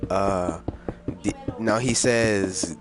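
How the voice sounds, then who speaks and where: Young guy, casual rambling storytime, slow and lowish, background music. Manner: rambling, crude, full of fillers like "and stuff". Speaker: storytelling vlogger.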